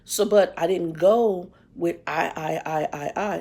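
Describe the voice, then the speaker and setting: A woman hosting a ministry livestream, talking and preaching in a relaxed, conversational way, often acting out the voices of people she quotes. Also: on the low side, takes it slowly, vocal fry, breathy edge. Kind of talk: casual spiritual talk. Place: in a car.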